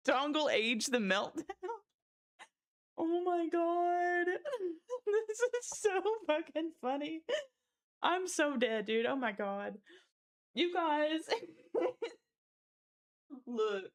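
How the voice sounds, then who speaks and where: Young woman livestreamer, casual chat, somewhat high voice, giddy and laughing a lot, swears freely, close desk mic. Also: expressive, drawn-out words, long pauses. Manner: giddy, laughing fits, cursing.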